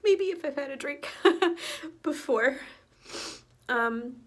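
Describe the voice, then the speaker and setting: A woman with a somewhat high voice talks in a casual reaction vlog. She is earnest and openly emotional, chatting and laughing as she goes. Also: expressive, slow. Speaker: movie reaction vlogger.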